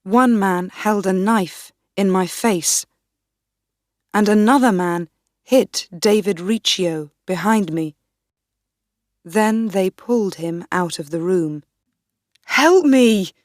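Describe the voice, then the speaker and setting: A woman narrating a graded reader for learners in a slow, deliberate, clear reading. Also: mid-range voice, dry recording, clean studio sound. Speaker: audiobook narrator.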